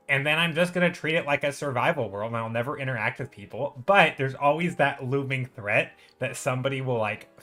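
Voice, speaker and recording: Guy streaming his digital painting, rambles and chats w viewers, mid pitch, faint music behind. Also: sharp tone. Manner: rambling, thinks aloud, greets chat viewers. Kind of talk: casual live-stream chat.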